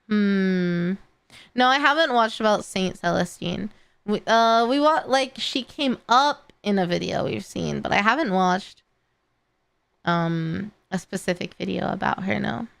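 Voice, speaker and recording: A woman's voice: medium pitch, creaky, no room sound. Young woman, tired stream chat, rambling fillers, dry close sound. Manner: slow, rambling, with many fillers and restarts. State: tired and yawning. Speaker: streamer reacting to videos and chat. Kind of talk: casual live-stream chat.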